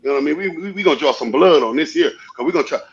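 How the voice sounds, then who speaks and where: A man's voice: a little high, animated, racing, vocal fry, dull audio. A man in his forties, a guest on a live panel, talking fervently and rambling, repeating his phrases as he goes. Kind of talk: casual panel chat.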